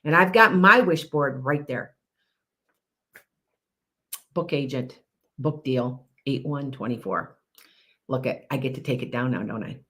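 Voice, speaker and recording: A woman with a very deep, sharp voice hosts a psychic podcast in a casual live-stream chat. She speaks at a measured pace with frequent pauses, rambling, often repeating herself, and answering viewers' comments.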